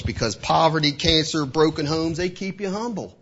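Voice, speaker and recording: Male preacher with a husky voice, mid-sermon, firing rhetorical questions, captured on a muffled recording. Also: on the high side, moderate pace. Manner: rhetorical questions, voices the devil's taunts, lively delivery. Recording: dull lo-fi recording.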